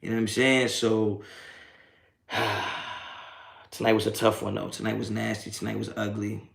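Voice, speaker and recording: A man's voice: lowish voice, completely flat delivery, brisk, creaky. A young adult man streaming a live post-game reaction, cursing and laughing while mocking trolls in the chat. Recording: echoey room.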